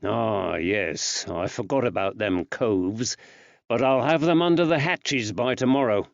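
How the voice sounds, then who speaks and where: Man doing a tired gruff old-time lawman, blunt and plain, dry dull sound. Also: lowish voice, unhurried, no echo. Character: weary, gruff working-class constable husband. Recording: dry, slightly dull recording.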